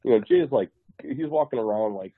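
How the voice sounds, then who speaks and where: A man's voice: medium pitch, lively intonation, brisk, slightly rough, dry recording. A man co-hosting a podcast in casual chat, rambling through his stories. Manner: rambling, many fillers and restarts. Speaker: podcast co-host. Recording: tinny phone-like line, dry.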